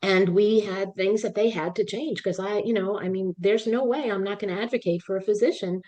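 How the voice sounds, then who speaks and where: A woman's voice: medium pitch, fairly quick, dark tone. A woman psychologist, a guest on a podcast, tells an earnest story and acts out the people in it. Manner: earnest, quotes people vividly.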